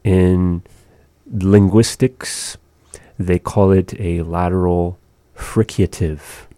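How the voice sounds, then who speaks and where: Deep, mellow male language teacher; slow, patient, demonstrates sounds. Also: fairly even intonation, dry recording. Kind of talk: explaining pronunciation.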